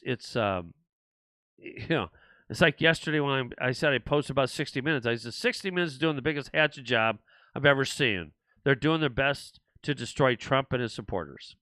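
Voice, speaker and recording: An older man hosts a live political talk show from behind a desk, rambling and circling back on himself with halting restarts. His voice is bright and forceful, and the recording is close and dry, with no room sound around it. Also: medium pitch, no echo. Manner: rambling, frustrated, many restarts. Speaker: show host.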